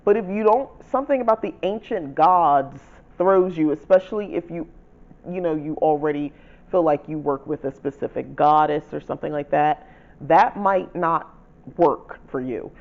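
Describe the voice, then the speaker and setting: A man hosting his own channel, casually walking viewers through rewriting a spell, chatty and self-correcting, reading spell lines out slowly. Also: fairly high pitch, creaky, dull audio. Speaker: channel host teaching spell writing. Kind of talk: casual how-to explanation.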